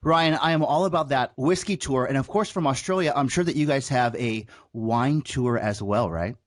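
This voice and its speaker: A man's voice: mid-range voice, moderate pace, no room sound. A male podcast host asking questions in a chatty, playful way, recorded dry and close with little room sound. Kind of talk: interview questions.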